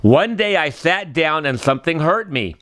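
A man reading aloud, voicing a tearful old woman who loves her thorn bush, in a slow, emotional, pleading way. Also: fairly high pitch, lively intonation, a bit bright. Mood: upset.

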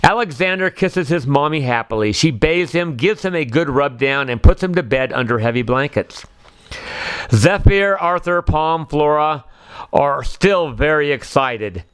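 A man narrating a children's storybook in a calm, expressive reading style. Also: on the high side, unhurried, clear, resonant tone, no room sound.

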